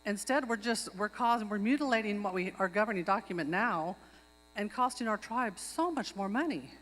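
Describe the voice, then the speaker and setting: A woman's voice: mid-range voice, animated, normal speed, fairly bright tone. A woman speaking up at a public tribal meeting, arguing her motion and repeating herself for emphasis. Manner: earnest, repeats herself when stressing a point. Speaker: tribal member making a motion. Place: outdoor pavilion. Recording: long hall reverb.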